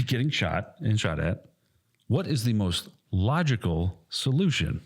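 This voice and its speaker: A man in his thirties, co-hosting a casual podcast, telling an animated story, swearing often and acting out quotes loudly. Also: lowish voice, slow pace, breathy edge. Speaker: podcast co-host and airsoft field staff.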